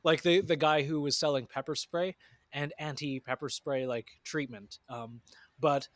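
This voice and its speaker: A man's voice: fairly high pitch, steady tone, normal speed, no echo. Male podcast co-host, casual joking chat, salty language, dry studio sound. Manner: laid-back, profane, joking.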